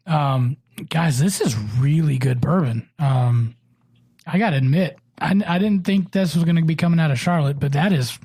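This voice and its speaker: A man hosting a podcast, easygoing and chatty, quick to agree with his guest. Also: a little high, a little mellow, husky, no room sound. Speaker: podcast host. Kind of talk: casual podcast chat.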